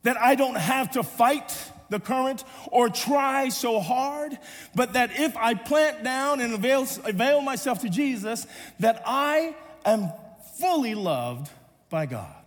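A pastor with a notably high voice tells a story from the pulpit. His delivery is animated, acting out the people in his story. His voice rings with a long echo in a church sanctuary. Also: takes it slowly. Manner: animated storytelling, acting out voices, then softening to a hushed close. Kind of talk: sermon with a personal story. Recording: long hall reverb.

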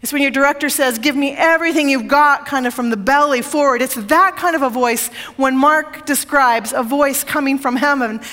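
A woman's voice: sits high, fairly bright tone, in a large hall. A woman pastor preaching a sermon, emphatic and repeating phrases for effect.

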